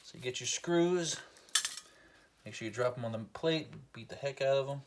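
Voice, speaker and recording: A man's voice: medium pitch, moderate pace. A man giving a casual, joking how-to tutorial, talking to the camera while he works. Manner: joking, self-deprecating, talks while working. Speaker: collector demonstrating belt cleaning.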